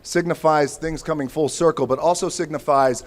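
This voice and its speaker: A man in his forties speaks off the cuff at an outdoor ceremony, his voice sitting a little high for a man. He thanks people one by one and slips in playful jokes at his own expense. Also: steady tone, normal speed. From United States. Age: 40s. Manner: playful, self-mocking asides. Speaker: honoree giving an acceptance speech. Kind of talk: unscripted ceremony speech.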